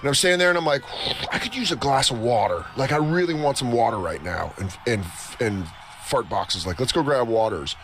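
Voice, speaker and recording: With faint music under the radio broadcast, a man from the United States hosts a talk show and launches into a lengthy, swearing-laden story. He speaks fairly quickly at medium pitch, animatedly imitating each character.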